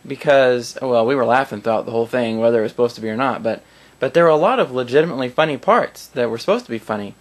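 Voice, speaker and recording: A man's voice: medium pitch, fast talker. A man giving a casual spoken film review in a sarcastic, rambling, mocking way.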